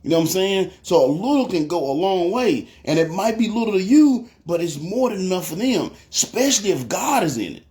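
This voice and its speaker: A man's voice: high-pitched, very animated, a little fast, hardly any pauses, a little mellow. A young man, telling a testimony in a casual sermon and often asking "you know what I'm saying.". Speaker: preacher.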